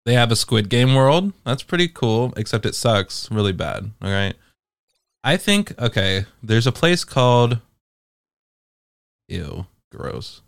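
A man's voice: medium pitch, big pitch swings, takes it slowly, vocal fry, dry recording, studio quality. A man giving casual, wry and profane commentary as he explores social game worlds.

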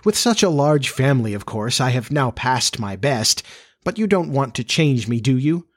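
A man's voice: mid-range voice, big pitch swings, moderate pace. A man voicing a motherly young girl playing house, with a prim, earnest manner. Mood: wistful.

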